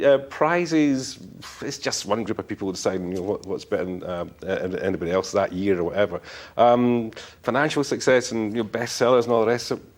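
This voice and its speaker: A middle-aged Scottish man, an author being interviewed, talking frankly in a rambling way with many fillers and restarts. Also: fairly low pitch. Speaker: author guest. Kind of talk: casual interview talk.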